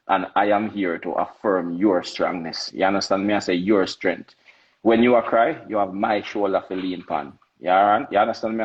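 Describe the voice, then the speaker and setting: Husky Jamaican man, lecturing. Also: sits low, muffled recording. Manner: emphatic, repeats himself, lectures. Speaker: podcast co-host. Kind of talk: casual debate chat.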